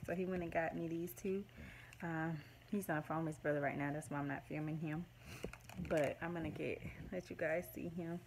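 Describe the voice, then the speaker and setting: A woman's voice: lowish voice, steady tone, moderate pace, noisy background. A woman in her late twenties talking to her phone camera at home, emotional and rambling as she gushes to her viewers. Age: late 20s. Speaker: vlogger. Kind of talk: casual to-camera vlog.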